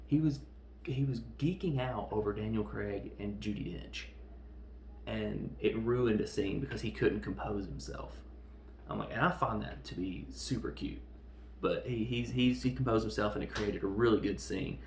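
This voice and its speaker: A man with a gravelly, creaky voice recaps a film in a loose, chatty way, briefly acting out lines of dialogue as he talks. He sounds like he is recording in a roomy, echoey space with a faint hum of ambience behind him. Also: fairly low pitch. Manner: animated retelling with quick acted-out quotes. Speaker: podcast host reviewing films.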